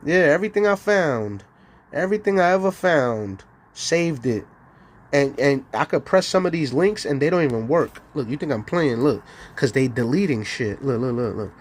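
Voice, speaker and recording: A man's voice: medium pitch, animated, normal speed. A man ranting on a livestream, heated and profane, laughing between lines. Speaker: livestream host.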